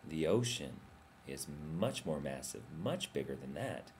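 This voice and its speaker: Gentle, reassuring swan read by a man, deep and low, storybook telling. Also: sing-song, measured pace, slight background noise, exaggerated voice. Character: gentle, patient great swan from the north.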